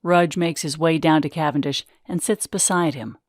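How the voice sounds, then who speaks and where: A woman's voice: low voice, moderate pace, dry recording. Woman reading stage directions, dry sound. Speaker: narrator.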